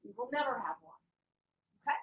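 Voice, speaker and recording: A woman teaching a Spanish class, playful and animated, quizzing her students as she goes. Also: fairly high pitch, brisk, highs cut off. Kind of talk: classroom lesson. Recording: distant classroom mic.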